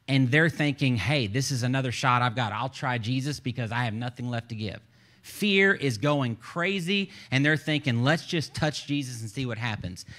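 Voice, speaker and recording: Pastor preaching with animated storytelling. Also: male voice. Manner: rising to emphatic bursts, then dropping low and soft. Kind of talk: sermon.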